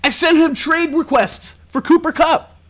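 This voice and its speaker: Man host, high bright voice, lively and profane. Casual stream chat. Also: a little slow. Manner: animated, profane storytelling. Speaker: talk show host.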